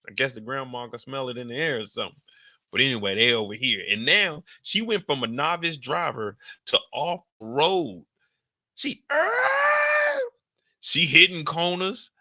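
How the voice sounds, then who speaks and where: A man reacts to a TV show in a loose, foul-mouthed, lively way, voicing scenes through high-pitched squeals and yells. The recording is dry.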